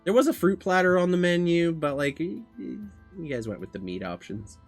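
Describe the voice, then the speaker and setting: A man running a tabletop game as game master, describing scenes in a relaxed, casual way. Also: a little high, brisk, faint music behind.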